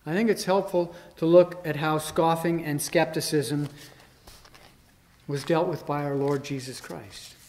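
A man's voice: a little high, steady tone, unhurried, a little mellow. A man preaching a sermon with rising emphasis, voicing the mockers' words with dramatic force. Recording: long hall reverb.

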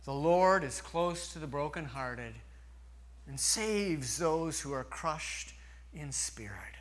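A man preaching a sermon slowly and earnestly, with long pauses. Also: on the high side, animated. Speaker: pastor.

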